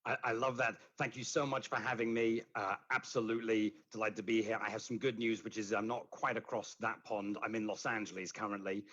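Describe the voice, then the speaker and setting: A man's voice: on the low side, flat delivery, a little fast, few pauses, pushed and bright, highs cut off. A British man as an interview guest, chatting casually and making wry jokes. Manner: witty, jokes about his accent. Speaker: podcast guest.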